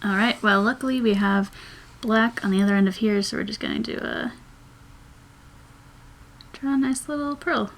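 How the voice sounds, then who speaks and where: A young woman in her twenties chats casually as she draws. Her voice sits at an ordinary middle pitch, and she rambles and thinks out loud in an easy vlogger way. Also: moderate pace, pauses often. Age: 20s. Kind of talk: casual chat while drawing.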